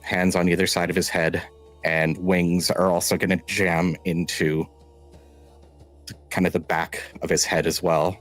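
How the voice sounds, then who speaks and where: Low-voiced man narrating a tabletop game. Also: little pitch movement, a bit bright, faint music behind. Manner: halting, measured storytelling with restarts. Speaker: game master.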